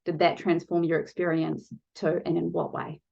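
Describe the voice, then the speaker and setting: A woman's voice: deep voice, little pitch movement, moderate pace, gravelly, dark tone, lo-fi sound. A woman coaching viewers in a motivational video lesson, talking to them directly and shifting her pace for emphasis. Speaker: online challenge coach.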